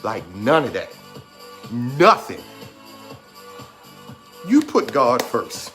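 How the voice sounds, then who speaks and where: Very slow and sharp-toned, a mid-range male voice swings hugely in pitch. The speaker is a motivational speaker in his thirties, delivering an emphatic, repetitive talk and trying to hold back tears as music plays in the background.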